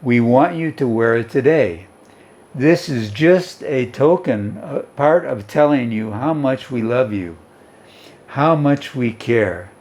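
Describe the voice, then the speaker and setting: A man reading the part of a tender, loving middle-aged mother, speaking softly and pleadingly in a storybook reading. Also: medium pitch, lively intonation, slow. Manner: soft, pleading, sweet tone.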